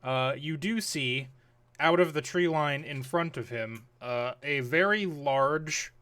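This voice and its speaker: A man's voice: a little high, slow, a bit bright. A man narrating a tabletop role-playing game as game master, rambling with many fillers.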